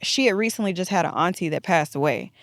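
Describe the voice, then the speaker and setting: Woman on a podcast telling a story, kinda low voice, really animated, acts out the dialogue, dry close sound. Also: fast talker, creaky, no echo.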